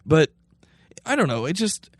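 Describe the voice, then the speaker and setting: A man co-hosting a podcast, ranting in animated casual political chat and mocking others with quick impressions. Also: a little high, husky, no room sound, studio quality. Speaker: podcast co-host.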